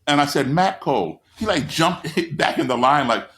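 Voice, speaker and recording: A man in his sixties, a guest telling a story in conversation, lively and acting out the people he quotes. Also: fairly high pitch, moderate pace. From United States. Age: 60s.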